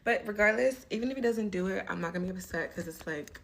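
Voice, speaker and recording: A woman talks casually to camera in a low-key, musing way. Her voice has a gravelly fry at a middling pitch. A faint noise sits behind her. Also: fast talker, a bit bright. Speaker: vlogger. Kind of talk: casual vlog chatter.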